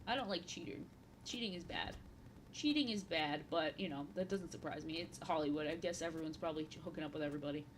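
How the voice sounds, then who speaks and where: A woman's voice: sits low, quick pace, a little hiss or hum. A woman in her thirties chatting casually while painting on a stream, rambling and repeating her own phrases, playful and prone to slipping into silly voices.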